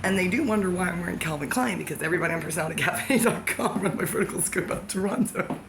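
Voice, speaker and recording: A woman with a fairly low voice rambles through a vlog monologue, hopping from one thought to the next and laughing along the way. A clear layer of background noise sits under her voice. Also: lively intonation, racing. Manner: free-associating, jumpy, laughs often.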